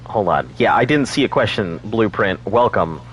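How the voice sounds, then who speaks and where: A man's voice: lowish voice, expressive, moderate pace, crowd noise. A man streaming a game, chatting casually and rambling, laughing often. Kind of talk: casual gaming chat.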